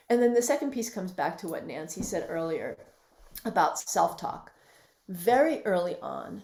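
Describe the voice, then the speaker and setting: A woman's voice: on the low side, darkish tone. Reflective woman in her fifties. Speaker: guest, physician and midwife. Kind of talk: conversational interview, advice. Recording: roomy echo.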